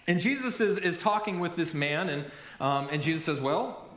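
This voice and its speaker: Male pastor, high voice, animated storyteller, roomy church echo. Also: normal speed. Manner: animated storytelling, self-deprecating humor. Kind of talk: sermon. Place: church sanctuary.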